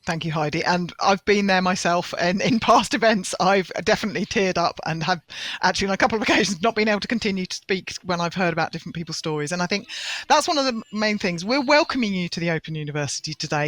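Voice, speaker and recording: An upbeat host welcoming new students and passing questions to guests. The delivery is quick and encouraging. The sound is dry, with no room echo. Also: medium pitch, fairly bright tone. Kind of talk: live-stream presenting.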